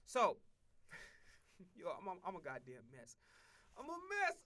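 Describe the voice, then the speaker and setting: A man streaming casual sports commentary, profane and rambling, with excitable outbursts. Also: high voice, slow.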